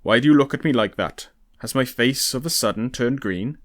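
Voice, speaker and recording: A man reading aloud, voicing an earnest young prince who speaks in a measured, wry way. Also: mid-range voice, dry recording, natural voice. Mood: puzzled.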